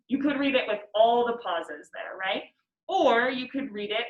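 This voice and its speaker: A woman's voice: on the high side, moderate pace, a bit bright, echoey room, rough recording. A woman teacher leading a class discussion of a poem, chatty and laughing easily, reading lines aloud.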